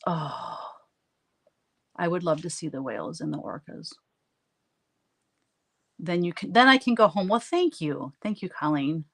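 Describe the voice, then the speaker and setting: A woman's voice: sits low, expressive, a little slow, gravelly, pauses often, fairly bright tone. A woman who hosts a live painting stream, chatting casually with viewers and telling funny stories with frequent laughter. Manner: chatty storyteller, laughs often. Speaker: artist hosting a live stream. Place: home art studio, standing at work.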